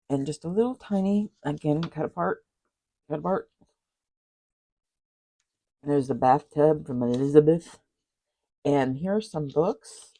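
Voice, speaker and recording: A woman's voice: very deep voice, warm tone, husky, low-quality recording. A woman crafter chatting casually as she shows a handmade journal, rambling with asides and apologies. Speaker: craft vlogger. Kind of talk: casual journal flip-through chat.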